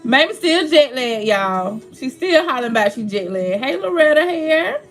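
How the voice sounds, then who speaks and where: Woman livestream host, high voice, chatty, greets viewers by name. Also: very animated, moderate pace, soft background music. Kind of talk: casual livestream chat.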